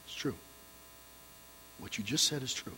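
An older man preaching a sermon as a pastor, animated and leading his congregation in call-and-response. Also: mid-range voice, unhurried. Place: church sanctuary. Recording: reverberant hall with mains hum.

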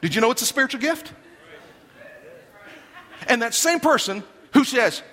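A man preaching a sermon in an emphatic, animated way, with joking asides to the congregation. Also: very high voice, moderate pace, long pauses, husky, long reverb tail. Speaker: pastor.

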